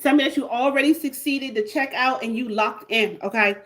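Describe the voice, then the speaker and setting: Brief: hyped woman host, repetitive livestream sales pitch, voice a touch high. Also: brisk, fairly bright tone. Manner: repetitive, hyped, call-and-response. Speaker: livestream host selling a membership.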